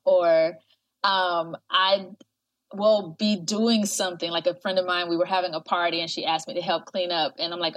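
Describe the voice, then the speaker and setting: A woman in her fifties, a wellness coach guest on a podcast, talking in an animated way, laughing often and acting out prissy voices. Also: fairly low pitch, moderate pace. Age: 50s. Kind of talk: casual interview chat.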